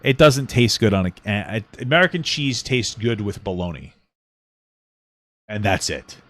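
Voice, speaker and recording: A man co-hosting a podcast trades casual, sarcastic jokes while reacting to a clip, full of animation. He talks a little slowly in a voice on the low side.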